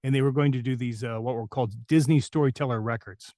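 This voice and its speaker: Male voice-actor guest, chatty storyteller, mid pitch, dead-dry sound. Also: fairly even intonation, fast talker, mellow, dry recording. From New Mexico. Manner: rambling anecdotes with many fillers and restarts. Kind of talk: interview storytelling.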